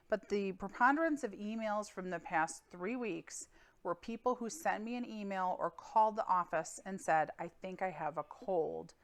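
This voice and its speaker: A woman physician giving a weekly medical update in a calm, clinical, explanatory way, with occasional fillers. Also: mid-range voice.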